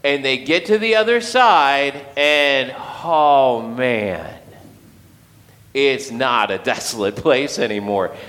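A man's voice: mid-range voice, animated, slow, a bit bright, in a large hall. A man giving a casual sermon, telling the story conversationally with playful acted quotes. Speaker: pastor.

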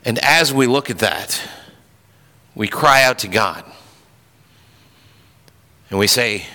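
A man's voice: mid-range voice, expressive, slow pace, long pauses, bright, forceful tone. A man preaching a sermon earnestly, with frequent restarts and fillers. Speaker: pastor. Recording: hall reverb.

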